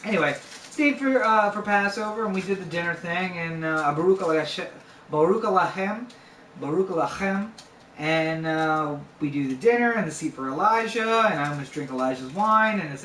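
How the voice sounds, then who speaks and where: A man's voice: on the high side, animated, moderate pace, bright, forceful tone, slight background noise. A man in his twenties casually telling a true story, full of fillers and swearing. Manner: conversational, swears freely, lots of fillers. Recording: echoey room, voice a bit far from mic.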